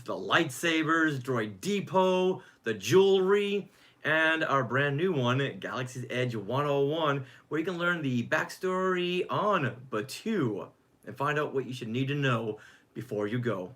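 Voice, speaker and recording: A man co-hosts a relaxed podcast, wrapping up the episode with thank-yous. His voice sits in an ordinary range but sounds bright and forward. He talks chattily and repeats words as he goes. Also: mid-range voice, a little slow. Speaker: podcast co-host. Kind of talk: casual podcast chat.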